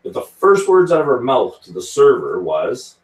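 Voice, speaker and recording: At a moderate pace, a medium-pitched male host swoops wildly up and down in pitch as he chats casually about whisky and reads viewer comments aloud. He runs a whisky channel, and he's far from the mic in a roomy-sounding space.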